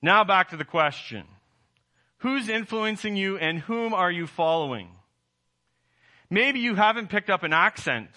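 A middle-aged man from the Southern United States preaching a sermon as pastor, posing rhetorical questions to the congregation with animated rises and drops. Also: high-pitched, measured pace, long pauses.

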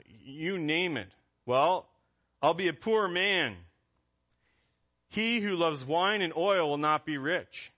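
A man's voice: on the high side, a bit bright. A man preaching a conversational sermon as pastor, reading scripture aloud between asides.

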